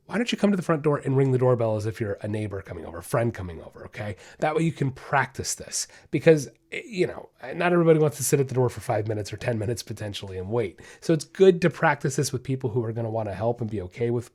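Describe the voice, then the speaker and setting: A man hosts a dog-training podcast in a relaxed, chatty voice. His pitch sits in the middle range for a man. He keeps checking in with listeners as he walks them through each step. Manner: casual, upbeat, addresses listeners as guys, many okays and rights. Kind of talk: instructional podcast talk.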